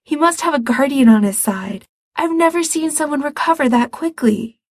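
A woman voicing an excited young man who talks high and breathlessly. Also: moderate pace, no echo, clean studio sound. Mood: breathless joy.

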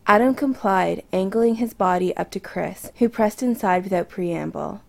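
A woman reading romance fiction aloud in a soft, intimate narration. Her voice has a gravelly, creaky texture. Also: medium pitch, normal speed.

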